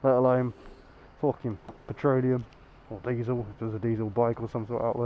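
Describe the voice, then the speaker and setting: A young British man with a slightly croaky voice rambles and swears cheerfully while he rides through town. His voice sounds muffled through a lapel mic under the helmet, with clear traffic noise behind him. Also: mid-range voice, little pitch movement, moderate pace. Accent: British English. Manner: chatty, sweary, self-mocking. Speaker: motovlogger. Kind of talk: casual riding vlog. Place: outdoors on a motorbike in town traffic.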